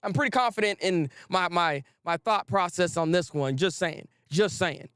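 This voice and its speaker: Lively casual anime stream host man. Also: sits high, moderate pace, smooth, no echo, clean studio sound. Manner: animated, repetitive, slangy, greets chat viewers. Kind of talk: casual anime livestream talk.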